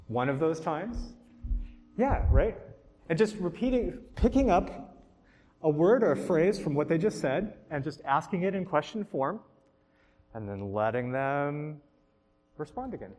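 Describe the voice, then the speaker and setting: A man leads a group workshop, coaching participants in an upbeat way and laughing often. His voice sits a bit high for a man. The sound rings with a long reverb, as if the room is a large hall. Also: sing-song, normal speed, a little mellow. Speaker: workshop instructor. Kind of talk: classroom teaching to a group.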